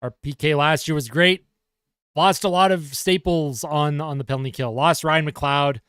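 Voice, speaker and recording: A young man calling hockey play-by-play as a fan on a live stream, getting excited over the action and chatting with his viewers in between. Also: fairly high pitch, moderate pace, smooth, dry recording, studio quality. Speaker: livestream host and hockey fan commentator.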